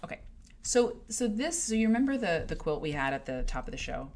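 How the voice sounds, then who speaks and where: A woman's voice: lowish voice, sing-song, fairly quick, a little hiss or hum. Rambling, chatty woman livestream host. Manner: chatty and rambling, with many restarts and asides to viewers. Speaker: host of a quilting livestream show. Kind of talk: casual livestream chat.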